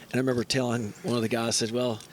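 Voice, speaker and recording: Animated storytelling man, faint room noise. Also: medium pitch, rapid-fire. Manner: animated storyteller, acts out quoted voices. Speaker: guest, brother. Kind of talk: casual storytelling chat. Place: mountain cabin.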